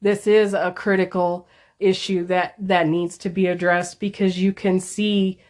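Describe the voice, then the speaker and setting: A woman's voice: fairly low pitch, flat delivery, measured pace, a little mellow. A woman co-hosting a podcast, chatting casually and often agreeing with short affirmations. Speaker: podcast co-host. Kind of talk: casual chat.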